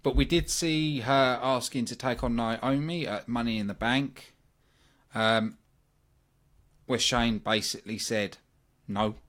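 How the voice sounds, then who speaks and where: A British man hosting a wrestling review at a mid-range pitch, talking in a loose, opinionated way. He breaks up his points with plenty of ums and asides, like someone chatting off the cuff. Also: fairly even intonation, measured pace, a bit bright. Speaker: wrestling review podcast host. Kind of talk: casual solo review.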